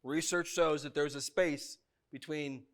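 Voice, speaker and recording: A male chaplain with a twang speaks in a fairly high voice. He talks to couples in a plainspoken, folksy way, like a casual conversation. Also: fairly even intonation, unhurried. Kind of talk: workshop talk to couples.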